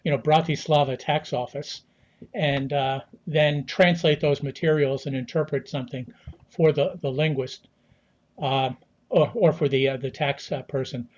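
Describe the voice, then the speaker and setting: American man, measured, lo-fi call audio. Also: fairly high pitch, steady tone, darkish tone. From United States. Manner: measured, many fillers and restarts. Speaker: guest analyst. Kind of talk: unscripted interview answers.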